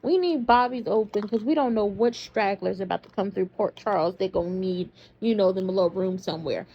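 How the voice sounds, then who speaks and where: A woman's voice: mid-range voice, fairly quick. A woman hosting a soap opera recap in casual commentary, sassy and slangy as she tells stories. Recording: dull lo-fi sound.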